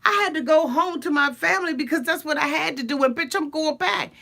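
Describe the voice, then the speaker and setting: Indignant young boyfriend, as a woman puts him on, quick and insistent, pitched up, bright. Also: vocal fry, full character voice. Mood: defensive.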